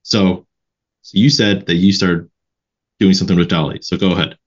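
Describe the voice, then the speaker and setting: Male host, very low voice, brisk explainer, slightly muffled recording. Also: steady tone. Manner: brisk, explains things for listeners. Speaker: podcast host. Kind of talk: casual interview chat.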